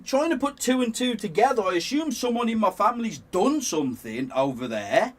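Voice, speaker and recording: Guy, pretty high pitched, chatty story on stream, lots of laughing and restarts. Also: normal speed, hardly any pauses, far from the mic. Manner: animated, laughs often, rambling restarts. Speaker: guest on a game stream. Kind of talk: casual storytelling.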